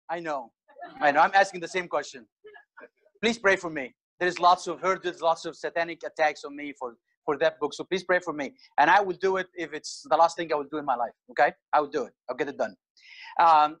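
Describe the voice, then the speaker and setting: Animated Arabic-accented man, high voice. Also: no room sound, rough recording. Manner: animated, laughs often, asks the audience questions. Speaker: speaker at a faith dinner. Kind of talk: informal talk with audience questions.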